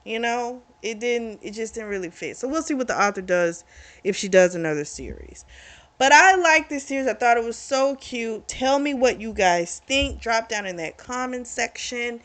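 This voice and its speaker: A woman's voice: fairly high pitch, animated, normal speed, a bit bright. A woman hosting her own book review channel, chatting casually through the plot with lots of "like" and "you know".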